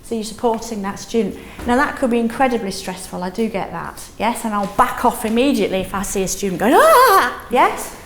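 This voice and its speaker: A middle-aged woman leading a teaching workshop in a classroom, lively, often checking in with "yes?". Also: mid-range voice, fairly quick, few pauses, echoey room, a little hiss or hum. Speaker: teaching trainer.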